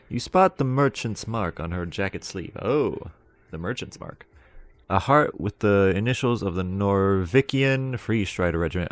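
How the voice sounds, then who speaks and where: A man's voice: low voice, lively intonation, normal speed, faint music behind. A man streaming a game, reading its text aloud and joking between lines, often laughing. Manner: joking, laughs often, reads dialogue with relish.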